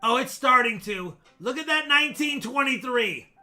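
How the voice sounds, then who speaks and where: High bright-voiced excitable man. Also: moderate pace, faint music behind. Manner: chatty, excitable, jokes while showing coins. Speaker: live stream host selling coins. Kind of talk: casual live auction chat.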